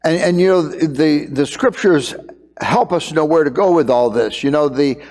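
A middle-aged man preaching as a pastor, earnest, sometimes acting out scenes in quick raised voices. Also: fairly high pitch, a little mellow, big-room sound. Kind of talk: sermon on parenting.

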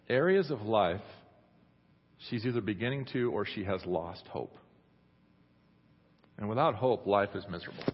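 A middle-aged male pastor preaching a sermon in a conversational, humorous way, acting out little quotes. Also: on the low side. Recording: dull recording with long hall reverb.

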